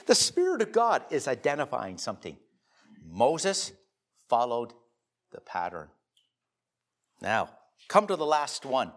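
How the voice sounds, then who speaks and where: A man preaching a sermon, telling a personal story in a conversational way, dropping to quiet confiding tones and rising into loud emphatic bursts. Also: medium pitch, huge pitch swings, takes it slowly, long pauses.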